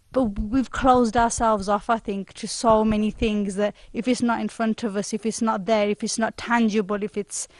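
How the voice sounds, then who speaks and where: A woman's voice: mid-range voice, darkish tone. A British woman on a panel, giving an earnest spiritual talk to a congregation in a gurdwara hall and retelling a story. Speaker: panel speaker.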